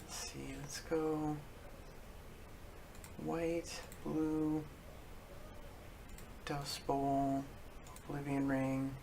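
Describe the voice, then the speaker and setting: A man streaming a card game, talking casually to himself as he plays, halting often with fillers and self-corrections. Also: fairly high pitch, monotone, vocal fry, warm tone, slight background noise. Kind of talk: casual thinking-aloud commentary.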